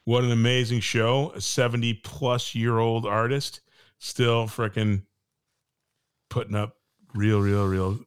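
A man's voice: medium pitch, flat delivery, takes it slowly, smooth. A man co-hosting a casual podcast chat, teasing the others and chuckling, with some swearing. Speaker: podcast co-host.

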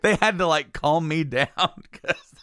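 A man's voice: fairly high pitch, a little slow, pushed and bright, smooth, no echo. A man telling a long personal story in casual chat, rambling and restarting sentences, laughing often. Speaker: podcast guest telling a story.

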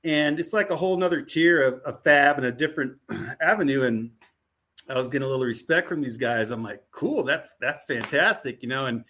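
A man as a podcast guest, rambling through animated anecdotes full of "like" and acted-out quoted dialogue. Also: mid-range voice, brisk. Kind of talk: casual storytelling chat.

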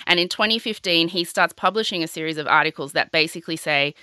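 A woman's voice: fairly low pitch, fast talker, pushed and bright, clear, resonant tone, no room sound. A young woman hosting a podcast, telling a story in casual, sweary chat full of "like". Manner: chatty, sweary, heavy on filler "like". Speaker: podcast host.

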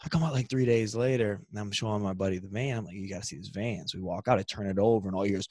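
Young man, podcast co-host, cursing storyteller, deep voice, dry room. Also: rapid-fire, dry recording. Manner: profane, animated storyteller acting out dialogue. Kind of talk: casual storytelling chat.

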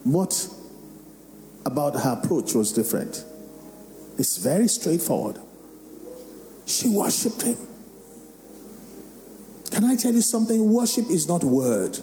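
A man, a pastor giving an animated sermon and firing questions at the congregation. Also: fairly high pitch, unhurried, pauses often, a little hiss or hum. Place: large worship hall. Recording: echoey hall with faint music.

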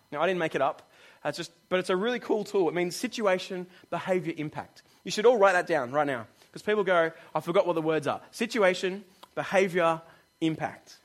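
Pastor, male, middle-aged, high voice, playful, sermon delivery that acts out dialogue. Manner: lively, joking, acts out dialogue.

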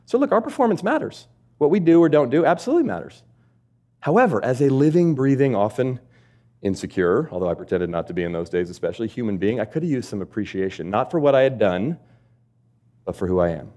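A man's voice: mid-range voice, quick pace. A man giving a motivational talk, telling stories and asking the audience questions. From United States. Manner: lively storytelling with rhetorical questions. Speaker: motivational speaker. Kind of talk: keynote talk.

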